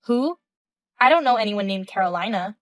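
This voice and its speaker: A woman's voice: mid-range voice, lively intonation, moderate pace, a bit bright, no room sound, voice pushed down, natural voice. A woman in her thirties voicing a composed, indignant wife in a text-message story, firm and questioning. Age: 30s.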